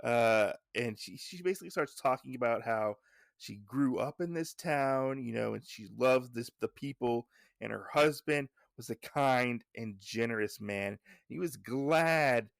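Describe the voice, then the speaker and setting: A man hosts a podcast and recaps a comic casually, rambling and correcting himself as he goes. His voice has a gravelly edge, recorded dry and close. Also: mid-range voice, measured pace, no echo. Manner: rambling, with fillers and self-corrections. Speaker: podcast host.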